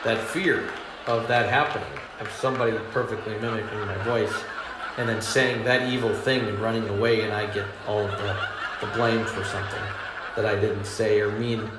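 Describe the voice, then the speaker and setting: A man's voice: lowish voice, fairly even intonation, normal speed. Rambling man doing stand-up, echoey. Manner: meandering, self-deprecating, chuckles through his own jokes. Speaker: stand-up comedian. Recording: echoey room with faint hum.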